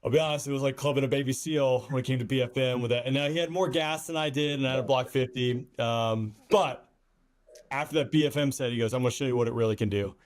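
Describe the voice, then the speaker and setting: A man's voice: medium pitch, fast talker. A man hosting a podcast who is a former fighter pilot, chatting casually and trading his own flying stories. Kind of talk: casual interview chat.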